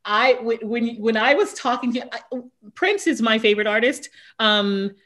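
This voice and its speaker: A woman hosting an interview, excitably telling a story and acting out her own reactions with frequent laughs. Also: fairly high pitch, moderate pace. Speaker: talk show host, voiceover artist. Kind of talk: casual interview chat.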